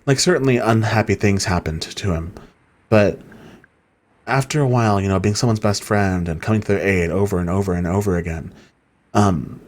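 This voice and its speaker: A man's voice: on the low side, moderate pace. A man giving let's play commentary, rambling and heartfelt with lots of fillers. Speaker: game streamer.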